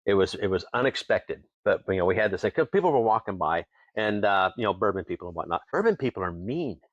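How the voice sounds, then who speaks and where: A man's voice: on the low side, fast talker, no room sound, muffled recording. A man from Washington State, a distillery owner, telling folksy stories as a guest in a casual interview, chuckling between lines and acting out what other people said. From Tenino, Washington. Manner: lively storyteller who acts out other people's lines.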